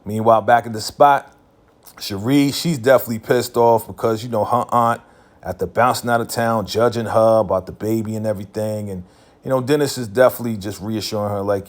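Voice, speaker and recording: A man's voice: on the low side, steady tone, a little fast. Laid-back man doing a slangy recap. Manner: laid-back, slangy, heavy filler phrases. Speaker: TV episode recap host. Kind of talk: casual episode recap.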